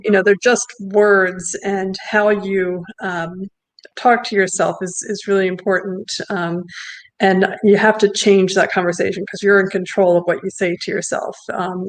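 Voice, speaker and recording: A woman in her thirties co-hosting a podcast, speaking in an even, reflective way. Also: medium pitch. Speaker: podcast co-host. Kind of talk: casual chat.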